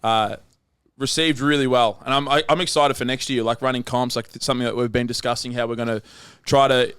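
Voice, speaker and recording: Young Aussie male podcast host, casual storyteller, smooth voice, dry room. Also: medium pitch, steady tone, a little fast, a bit bright, dry recording. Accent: Australian. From Australia. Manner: loose, sweary storytelling with laughs. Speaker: gym owner and podcast host.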